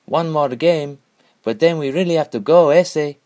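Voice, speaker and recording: A man's voice: a little high, normal speed, a little mellow, pitched above the performer's own voice, lightly acted. A man voicing a tall, mustached, laid-back pool player with a put-on thick Mongolian accent, talking mildly and unbothered. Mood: easygoing. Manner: mild, sighing, unbothered.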